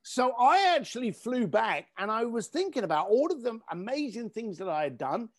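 Animated man telling a story. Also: very high voice, moderate pace, no echo, studio quality. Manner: expressive, swears casually, acts out voices. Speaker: podcast guest.

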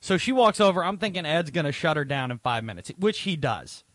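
A man co-hosting a casual talk show, recorded dry and close to the mic. He tells a rambling story in a voice set a little high, cursing freely and sounding fed up. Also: sing-song, fairly quick, a bit bright, dry recording. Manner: profane, exasperated storytelling. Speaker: co-host. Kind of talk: casual podcast chat.

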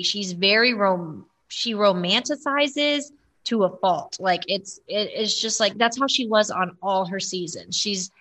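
A woman co-hosting a casual chat, animated and talking in quick bursts with many restarts. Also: medium pitch. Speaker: podcast co-host. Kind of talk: casual chat about reality TV.

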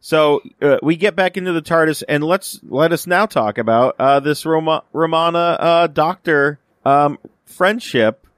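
A man co-hosts a podcast, casually chatting through a review of a TV episode. His voice sits on the high side and moves a little slowly with hardly any pauses, rambling along with plenty of fillers and restarts and acting out quoted lines. The studio-quality recording has no echo.

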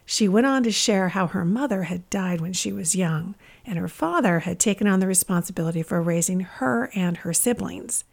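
A woman hosting a podcast, announcing the episode in a clear, upbeat way and reading a listener's letter aloud. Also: fairly low pitch, normal speed, hardly any pauses. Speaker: podcast host.

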